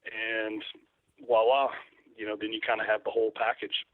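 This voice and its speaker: Kentucky guy, low voice, rambles along with lots of ums, sounds like he's on a phone call. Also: flat delivery, normal speed, no echo. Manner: easygoing, rambling with frequent ums. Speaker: guest, turkey call maker. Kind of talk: casual interview talk. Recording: tinny dry phone line.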